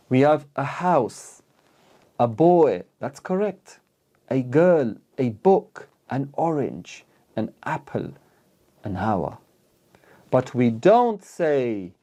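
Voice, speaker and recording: A man's voice: mid-range voice, mellow. A man teaching an online English grammar lesson, patiently repeating each example aloud.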